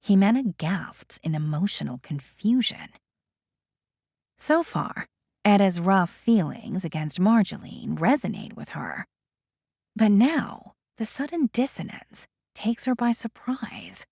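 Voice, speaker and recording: Slow expressive woman narrator. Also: mid-range voice, creaky, breathy edge, no room sound, clean studio sound. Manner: deliberate, expressive reading. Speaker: audiobook narrator. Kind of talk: scripted narration.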